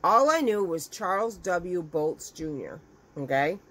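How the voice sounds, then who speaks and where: A middle-aged woman with a slightly low-pitched voice chats casually with her viewers. She tells stories with lots of animation and acts out what other people said, jumping up sharply in pitch. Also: measured pace, husky, poor audio. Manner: chatty and animated, acting out quotes with big jumps in pitch. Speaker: crochet business owner and video host.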